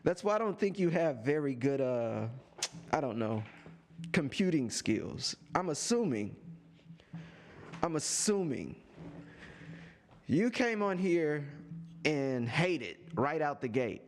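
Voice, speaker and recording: A man in a streaming setup, speaking close into a desk microphone with a voice that sits a little high for a man. He taunts a viewer in a sarcastic, sing-song way, stretching out his digs. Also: very animated. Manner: sarcastic, teasing, drawn-out taunts. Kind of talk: mocking live-stream rant to a chatter. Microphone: desk microphone and headphones.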